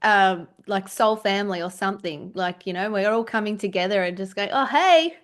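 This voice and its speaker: A woman's voice: medium pitch, fairly even intonation, fairly quick, fairly bright tone. An Australian woman hosts a casual podcast conversation. She laughs easily and talks in loose, meandering sentences full of fillers. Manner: giggly, chatty, trails off with fillers. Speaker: podcast host. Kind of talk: casual chat.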